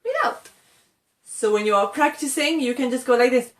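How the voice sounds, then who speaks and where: A woman's voice: fairly high pitch, a little fast, echoey room. A woman from England teaching English pronunciation in an encouraging tutorial, often checking in with "okay" and demonstrating sounds.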